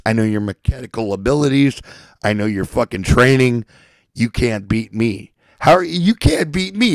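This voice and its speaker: A man delivering a furious, profane rant, shouting at times and at others dropping to a low seething threat. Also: no room sound, poor audio. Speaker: ranting speaker.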